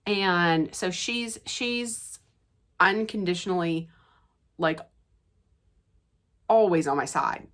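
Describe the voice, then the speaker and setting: A woman's voice: on the low side, slow pace, pauses often, fairly bright tone. Chatty woman vlogging to camera. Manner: chatty and rambling, many restarts. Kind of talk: casual chat to camera.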